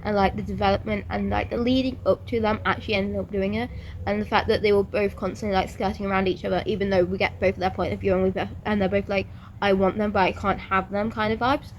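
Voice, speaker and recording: A woman's voice: mid-range voice, fairly even intonation, quick pace, poor audio. A woman chatting casually about books, gushing and filling her speech with "like", recorded outdoors. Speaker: book vlogger. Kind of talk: casual chat. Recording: outdoor recording with traffic noise. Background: passing traffic.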